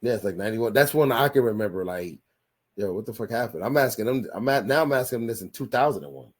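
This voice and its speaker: A man's voice: on the low side, expressive, fast, husky. A man in his forties hosting a podcast, telling rambling, profanity-laced stories in a casual chat and often repeating himself. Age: 40s. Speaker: podcast host. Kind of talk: casual storytelling.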